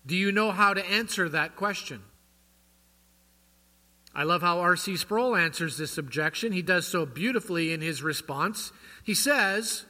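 Male pastor, slow deliberate sermon, quizzes his flock, big church reverb. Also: high-pitched, animated, pushed and bright. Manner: quizzes the congregation with rhetorical questions. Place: church sanctuary. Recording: long church hall reverb.

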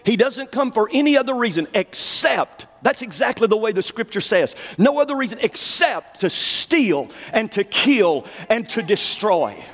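A male preacher delivering a fervent sermon, dropping to low asides and rising to shouted declarations. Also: very animated, moderate pace, hardly any pauses, in a large hall.

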